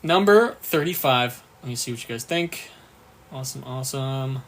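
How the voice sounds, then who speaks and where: A man's voice: a little high, expressive, fairly bright tone. A man teaching on a live stream, going through exam questions one by one and cheerfully thanking viewers, with a bout of hiccups. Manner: upbeat, reads questions slowly, thanks viewers often. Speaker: exam prep tutor.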